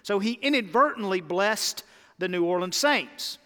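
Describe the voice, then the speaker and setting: High-voiced preaching man in a reverberant hall. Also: animated, unhurried, pushed and bright. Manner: call-and-response preaching, rising to emphatic peaks then dropping low. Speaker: pastor. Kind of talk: sermon. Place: church sanctuary.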